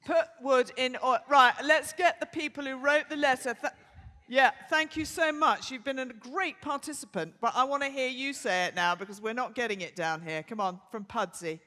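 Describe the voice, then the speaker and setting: An older English woman running a live podcast in a theatre, brisk and bossy, laughing often. Her voice is bright and forceful. A long reverb from the hall rings behind her. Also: high-pitched. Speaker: podcast co-host. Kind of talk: live podcast show chat. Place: theatre stage before a live audience.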